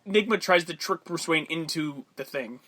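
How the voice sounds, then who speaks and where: A chatty man on a movie podcast with a high, bright voice that swings widely as he talks. He laughs easily and leans into quoting scenes in a loose, casual back-and-forth. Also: lively intonation, moderate pace. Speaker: podcast co-host. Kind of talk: casual movie-review chat.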